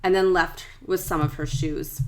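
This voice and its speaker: A woman with a fairly low voice hosts a true crime podcast. She walks through the details of a case in a steady, measured read from her notes, speaking into a podcast mic. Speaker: podcast co-host.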